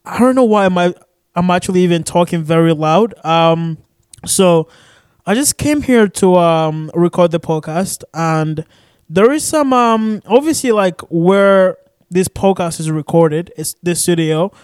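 A man's voice: high voice, unhurried, clear, resonant tone, dry recording. A young man from Arizona hosting a casual solo podcast, rambling with lots of fillers and cursing, recorded in a shared studio office. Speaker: podcast host.

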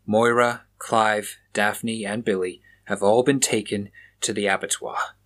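A man's voice: lowish voice, fairly even intonation, a little slow, a bit bright. Stern, commanding police officer, as a male narrator reads him. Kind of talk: audiobook character voice.

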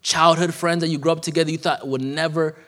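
A man's voice: fairly high pitch, steady tone, quick pace, fairly bright tone. A man in his thirties preaching a sermon in a casual, conversational way, with slang and asides. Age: 30s. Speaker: guest preacher. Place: church sanctuary. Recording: church hall reverb.

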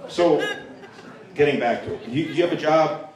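A man's voice: fairly high pitch, moderate pace, darkish tone. A man doing a stand-up set with crowd work in a comedy club, crude and often laughing at his own jokes. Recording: echoey room, mic from distance.

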